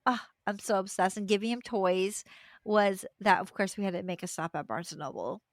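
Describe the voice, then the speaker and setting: A woman's voice: mid-range voice, moderate pace, dry recording, studio quality. A young adult woman co-hosting a podcast, chatting casually and animatedly, laughing and acting out quoted voices. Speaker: podcast co-host. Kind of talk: casual chat.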